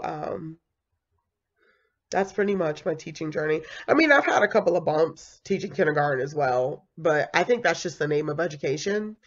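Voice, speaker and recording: Cast: young woman teacher, animated casual storyteller, mid-pitch, dull lo-fi sound. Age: young adult. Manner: animated, chatty, full of fillers and laughs. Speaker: kindergarten teacher.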